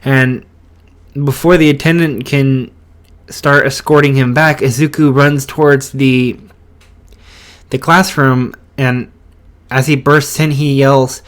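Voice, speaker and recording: A man telling a fan story at an unhurried, drawn-out pace. He hesitates often and fills the gaps with fillers, restarting his sentences as he goes. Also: mid-range voice, fairly even intonation, smooth. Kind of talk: casual fan story narration.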